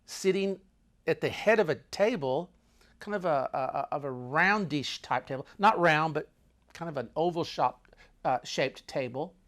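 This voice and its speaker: A man's voice: fairly high pitch, fairly bright tone. A man telling a travel story casually, wandering off into asides and restarting his sentences. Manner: meandering, full of restarts and asides.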